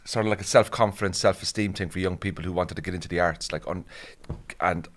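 A man with an Irish accent, a comedian in casual chat, telling stories in an animated way and acting out what people said. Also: sits low, fast talker, a little hiss or hum. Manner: animated storyteller, acts out voices.

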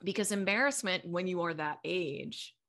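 A woman's voice: lowish voice, normal speed, fairly bright tone. A middle-aged woman hosting a podcast in casual chat, rambling along in a stream of thought and laughing often. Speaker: podcast host.

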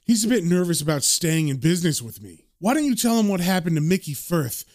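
A man's voice: high voice, sing-song, fairly quick, a little mellow. A man doing a smug gangster boss.

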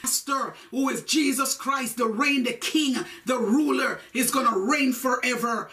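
A woman preaching and praying fervently, shouting repeated declarations and slipping into sung, chanting phrases. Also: high voice, unhurried, hardly any pauses. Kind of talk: fervent sermon and prayer. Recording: voice picked up from a distance.

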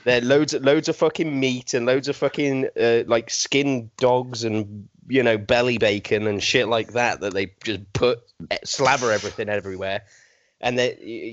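A man's voice: mid-range voice, no room sound, dull audio. A man co-hosting a podcast, talking in crude, rambling casual banter full of fillers. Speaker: podcast co-host.

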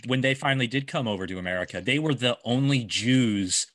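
A man's voice: mid-range voice, fairly quick, no room sound, clean studio sound. A man co-hosting a casual comedy podcast, crude and joking as he tells family stories. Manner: crude, joking, animated storytelling.

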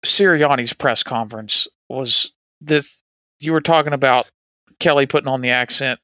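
A man's voice: mid-range voice, moderate pace, pushed and bright, no echo, clean studio sound. A man co-hosting a casual sports talk show, laid-back and agreeable. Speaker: podcast co-host.

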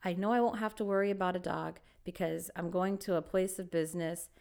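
A woman co-hosting a podcast, telling a story in a lively, casual way and laughing often. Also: fairly low pitch, fairly quick, creaky, clean tone. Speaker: podcast co-host.

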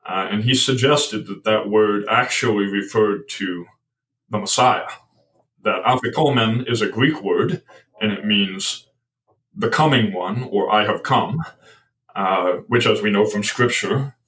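A man's voice: on the low side, a little slow, fairly bright tone, far from the mic, slight background noise, low-quality recording. A man explaining ideas in a podcast conversation as the guest author, thoughtful and hesitant, often restarting his sentences.

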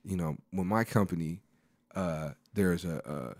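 Low-voiced man telling stories casually. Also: unhurried, creaky, darkish tone, no echo, studio quality. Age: 30s. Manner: storytelling, lots of restarts and "you know". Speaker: podcast co-host. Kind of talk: casual chat.

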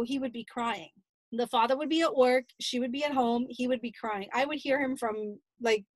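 A woman, a grandmother, telling a personal family story in an emotional, animated way, acting out what people said. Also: sits high, dry recording, poor audio. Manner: emotional, animated retelling with acted-out quotes.

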